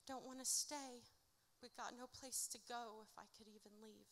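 Bright-voiced woman rapping blunt, profane rhymes. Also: on the high side, fairly even intonation, normal speed. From Indiana, United States. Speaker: performing artist. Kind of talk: live spoken-word rap performance. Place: theatre stage at a live show.

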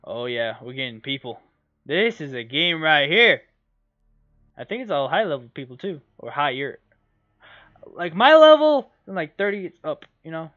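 A man giving excitable live commentary over his own gameplay into a computer microphone, swearing, yelling at opponents and stumbling over his words. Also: on the high side, normal speed, no room sound, lo-fi sound, faint music behind. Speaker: gamer.

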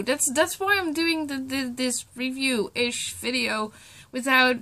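On her reaction vlog, a tearful young woman with a high-pitched, sharp voice struggles through broken, halting sentences that fade away. She's clearly choked up and curses a lot.

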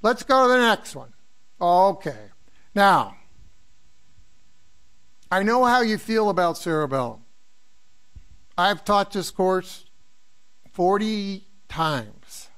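A man's voice: sits high, big pitch swings, slow, pauses often, fairly bright tone. An older man from the Midwest giving an informal exam review lecture as a neuroanatomy professor, rambling through anecdotes and posing questions to students. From American Midwest.

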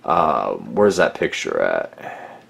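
Low-voiced man, sarcastic and rambling. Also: very animated, takes it slowly, creaky, a bit bright. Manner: sarcastic, mocking, rambling with restarts. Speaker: documentary narrator. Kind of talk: casual critical commentary.

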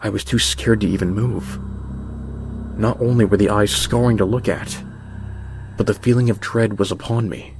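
A man narrates a horror story in a measured, tense voice pitched a little low. His delivery stays steady and deliberate. Background music runs under the reading.

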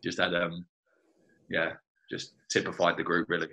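Brief: low-voiced man with a forceful, bright edge, chatty teammate reminiscing in an interview. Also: completely flat delivery, moderate pace, poor audio. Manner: chatty, fills with "you know" and "like that, like". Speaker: former teammate.

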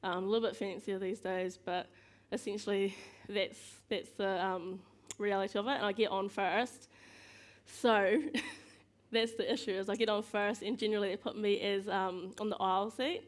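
A woman giving a casual, storytelling talk as a guest speaker. She tells self-mocking stories, laughs often and acts out other people's lines in quick voices. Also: medium pitch, fairly even intonation.

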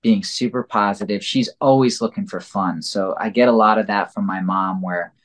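A low-voiced man, a podcast guest, speaks at a moderate pace in a casual conversational interview. He's rambling and reflective, leaning heavily on "like" and "you know."

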